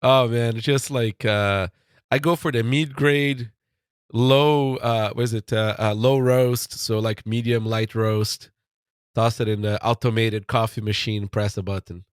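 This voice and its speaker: A man's voice: mid-range voice, fairly even intonation, a little slow, clean tone, dry recording, clean studio sound. A man as a podcast guest, nasal from a cold, talking in a loose rambling way with frequent laughs. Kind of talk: casual podcast chat.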